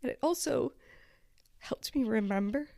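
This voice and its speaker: A woman hosting a podcast, telling a personal story in a slow, reflective and emotional way, at times close to tears. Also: a little high, creaky, warm tone, no room sound. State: tearful. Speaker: podcast host.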